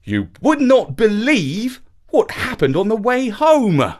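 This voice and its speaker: Man putting on a cross, sweltering storybook dad, raised pitch, grumbling. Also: huge pitch swings, measured pace, full character voice. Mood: angry. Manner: grumbling, annoyed. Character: angry, overheated dad.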